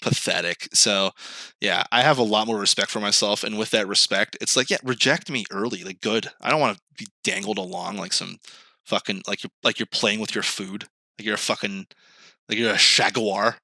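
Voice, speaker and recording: Bright-voiced man telling stories, swearing. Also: moderate pace, dry recording. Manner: animated storytelling, acts out quoted voices in a higher pitch, swears freely. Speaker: podcast host. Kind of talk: casual chat.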